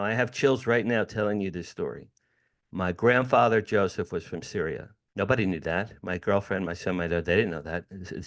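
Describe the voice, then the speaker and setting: A middle-aged man, a guest in an interview, telling a personal story with animated, dramatic delivery. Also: on the low side.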